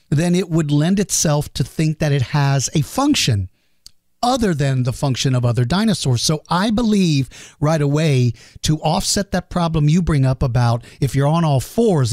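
A man's voice: fairly high pitch, darkish tone, no room sound. Middle-aged male podcast host, chatty and self-deprecating, dry studio sound. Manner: chatty, self-deprecating, reads questions aloud. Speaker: podcast host answering listener questions. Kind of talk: casual Q&A monologue.

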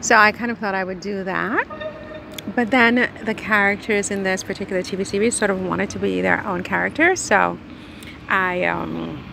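A woman's voice: mid-range voice, steady tone, moderate pace, gravelly. A woman chatting casually to her camera outdoors, rambling and talking while she eats. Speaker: vlogger. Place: outdoors in hot weather. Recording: faint background noise.

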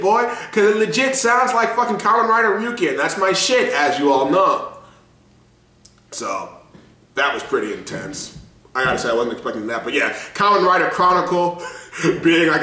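A man giving a casual reaction review, excitable and profane, laughing often as he talks. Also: on the high side, echoey room. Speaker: show reviewer.

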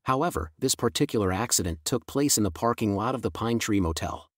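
A man voicing a sad, apologetic middle-aged woman on the phone in a slow, plain way. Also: on the low side, expressive, dry recording, studio quality.

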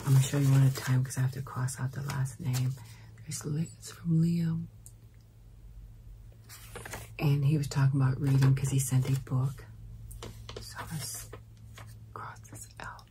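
A deep-toned woman drifts between breathy whispers and hushed, drawn-out speech as she opens her mail for ASMR. Her words come slow and gentle, close and intimate. A steady hiss sits under the recording. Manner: soft, alternating whisper and quiet speech. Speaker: ASMR creator.

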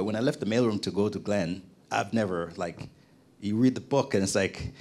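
A middle-aged man from Jamaica, a podcast guest, telling his story in lively conversation and acting out the people he quotes. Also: on the low side, slight background noise. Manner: animated storyteller, acts out quoted voices.

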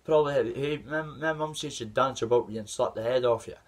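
A Scottish man in his thirties, an amateur fighter, talks fairly quickly in a mid-range voice. He delivers an aggressive, rambling trash-talk callout video aimed at a rival.

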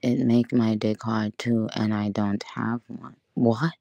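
A woman chatting casually and profanely on a livestream, rambling, laughing often and talking with animated energy. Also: extremely low pitch, slow pace, creaky, no room sound. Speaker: livestream host. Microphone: audio livestream from home.

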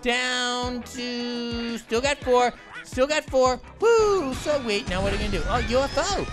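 A squeaky, high-pitched talking orange rattles off hyper, silly commentary as he plays a game. He stutters and repeats words in bursts when he gets excited. Bright game music plays loudly underneath him the whole time. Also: measured pace. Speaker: gaming channel host.

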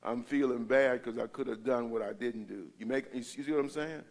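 A man's voice: mid-range voice, steady tone, fairly quick. A male pastor teaching a Bible study in a church, talking in a conversational way and often checking in with his listeners.

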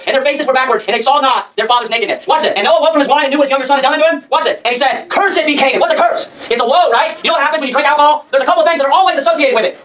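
A man preaching a sermon, firing off rhetorical questions and reading scripture in a forceful voice. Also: very high voice, far from the mic, a little hiss or hum, rough recording.

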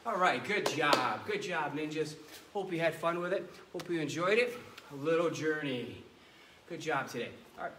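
A man's voice: on the high side, animated, moderate pace, noisy background. A male martial arts instructor leading a children's class with commanding, playful energy. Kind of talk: kids' karate class instruction. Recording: echoey room heard from a distance.

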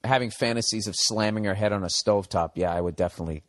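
A man's voice: fairly low pitch, fast talker, dry recording, studio quality. A man in his forties from the United States, hosting a comedy podcast in a blunt, profane, ranting monologue, giving advice. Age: 40s. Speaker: podcast host.

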